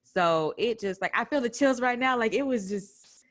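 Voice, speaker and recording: A young adult woman from the United States, telling a personal story on a podcast in an animated way, acting out what people said. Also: fairly high pitch, moderate pace, no echo. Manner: animated retelling with quoted voices. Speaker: podcast guest recounting a protest. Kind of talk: personal storytelling in casual chat.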